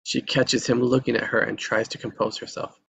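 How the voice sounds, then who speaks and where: Brief: man with a gravelly voice reading stage directions plainly. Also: mid-range voice, level tone, moderate pace, fairly bright tone. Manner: plain, matter-of-fact.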